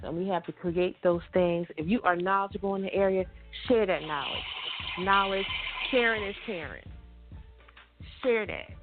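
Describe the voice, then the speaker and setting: A woman co-hosting a radio talk show, preaching emphatically and repeating her points. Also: on the low side. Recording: tinny phone-like radio audio with faint music.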